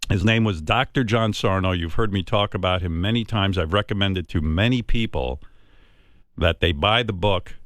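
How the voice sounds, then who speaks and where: A man's voice: low-pitched, normal speed, a bit bright, no echo. A man in his sixties hosting a radio talk show, speaking earnestly and heartfelt, rambling with many restarts.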